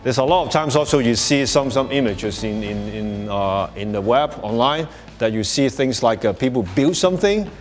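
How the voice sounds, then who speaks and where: In a workshop space facing an audience, a man presents in a mid-range, animated voice at a moderate pace. He talks conversationally with many restarts and "you know"s, chuckling often as he explains.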